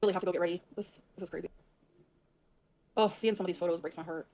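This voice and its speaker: A woman's voice: lowish voice, fairly even intonation, fast talker, warm tone. A woman on a livestream, rambling to her viewers in a flustered way and swearing a lot.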